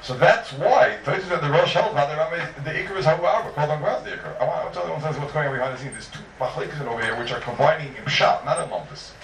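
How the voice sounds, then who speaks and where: A man giving a Talmud lecture in a lively, sing-song teaching manner, full of rhetorical questions. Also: fairly high pitch, fast talker, gravelly, few pauses. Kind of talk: yeshiva-style Talmud lecture. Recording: echoey room heard from far off, faint noise.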